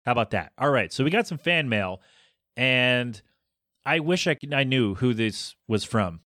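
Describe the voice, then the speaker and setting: A man's voice: mid-range voice, lively intonation, normal speed, bright, forceful tone, dry recording, studio quality. A man hosting a solo podcast, rambling and self-deprecating as he rants about small annoyances. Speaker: podcast host.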